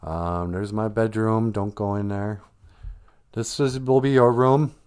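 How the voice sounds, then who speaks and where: A man's voice: on the low side, fairly even intonation, a little slow, darkish tone, clear, resonant tone, lightly acted. A man voicing a smug, self-pitying rich hero who brags and keeps bringing up his own loss, in a comic spoken retelling. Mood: boastful. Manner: boastful, oblivious, talks up his own sad past.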